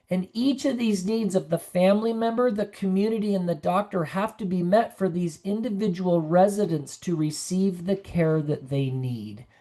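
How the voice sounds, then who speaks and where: A woman's voice: fairly low pitch, warm tone. A woman nurse practitioner giving an earnest, conversational online presentation to caregivers over a video call, sometimes acting out the voices of the people she quotes.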